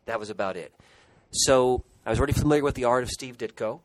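A man's voice: medium pitch, fast talker, slight background noise, poor audio. A middle-aged man co-hosting a podcast, casually and nostalgically rambling through childhood memories. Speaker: podcast co-host. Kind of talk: casual chat.

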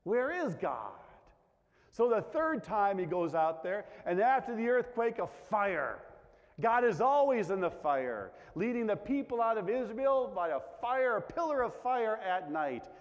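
A man preaching a sermon, asking many questions and dropping to a hush on the quiet lines. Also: high-pitched, sing-song, measured pace. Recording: dull sound with long reverb in a large hall.

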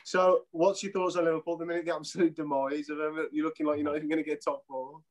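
A man's voice: fairly high pitch, level tone, quick pace. A man from England hosting a football podcast, leading the chat with teasing banter. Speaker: podcast host. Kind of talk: casual chat.

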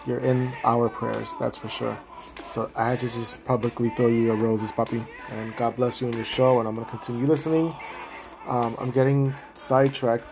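A Puerto Rican man hosting a podcast, talking casually and from the heart, rambling at times as he gives shout-outs. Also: mid-range voice. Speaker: podcast host.

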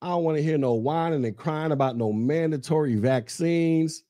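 An American podcast host goes on a fired-up, profane political tirade, mocking his listeners and repeating phrases to drive his points home. His voice sits somewhat high for a man, with a dark tone and normal speed. The recording is dry and close, with no room sound.

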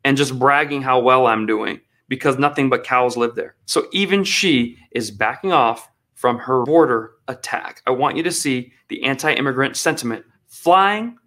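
A man's voice: medium pitch, moderate pace, hardly any pauses, sharp tone, a little hiss or hum. A man hosting a commentary show, ranting in a sarcastic, mocking way about clips he plays. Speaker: commentary host.

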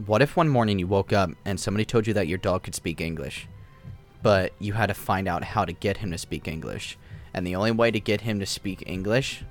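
Young guy on a podcast, mid pitch, crude what-ifs, faint music behind. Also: brisk. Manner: crude, teasing hypotheticals. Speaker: podcast co-host. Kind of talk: casual chat.

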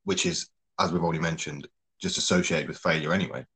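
Fast-talking, husky, deep-voiced male podcast host. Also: fairly bright tone. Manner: laid-back, swears casually, calls people mate. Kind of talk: casual chat.

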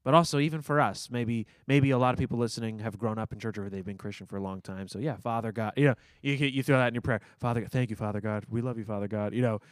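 A young adult man hosting a podcast in casual chat, relaxed and rambling with fillers. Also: mid-range voice, fast, hardly any pauses, dry recording. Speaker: podcast host.

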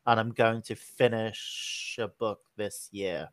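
A man's voice: fairly low pitch, steady tone, slow pace, fairly bright tone, no echo. Playful man co-hosting a podcast. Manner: playful, giggly, teasing, rambling. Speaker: podcast co-host. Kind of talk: casual chat. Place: home desk.

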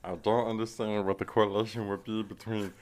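A man's voice: lowish voice, level tone, brisk, a little mellow, natural voice. A man playing a formal, overly polite young football center with an odd, prim voice. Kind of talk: comedy sketch acting.

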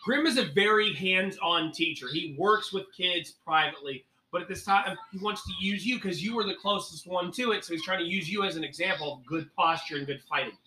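A man's voice: sits high, a little fast, hardly any pauses, bright, forceful tone. A man narrating as game master, casually explaining rules and swearing now and then, in an echoey room. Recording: echoey room with faint noise.

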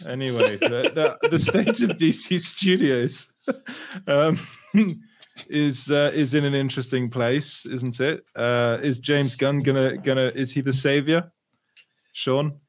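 A man chatting on a podcast at an ordinary middle pitch. He breaks into laughter often and trips over his own words as he goes. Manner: laughs often, quick restarts. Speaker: podcast co-host. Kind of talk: casual chat.

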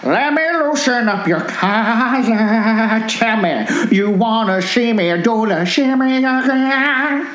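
A man doing an impression of a female rock singer, with a thick, garbled, mouth-full sound and a slow, drawn-out delivery. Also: extremely high pitch, lively intonation, a bit bright, echoey room, voice pushed up, exaggerated voice. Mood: sultry.

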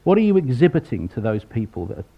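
A man preaching a sermon, acting out the people in the story with sudden loud voices. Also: mid-range voice, sing-song, quick pace, slightly rough. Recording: dull lo-fi sound.

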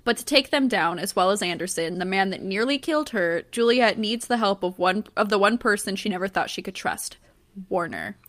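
A woman's voice: medium pitch, brisk, a bit bright. A young adult woman co-hosting a podcast, chatting casually in a blunt, giggly way. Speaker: podcast co-host. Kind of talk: casual chat.

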